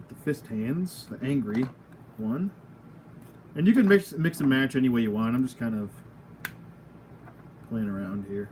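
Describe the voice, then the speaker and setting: A man's voice: medium pitch, noisy background. A man hosting a casual toy review at home, rambling and goofy, laughing at himself as he goes. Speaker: toy reviewer, channel host. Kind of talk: casual unscripted product review. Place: at home, at a table of figures.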